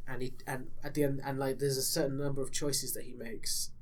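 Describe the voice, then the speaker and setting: A man co-hosting a casual podcast chat, excitable and swearing freely. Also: medium pitch, a little fast. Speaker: podcast co-host.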